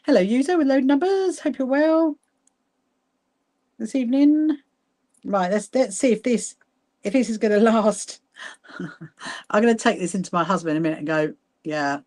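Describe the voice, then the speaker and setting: A woman hosting a casual sewing livestream, chatting warmly with viewers by name and laughing often as she works. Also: a little high. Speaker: livestream host. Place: sewing room at home.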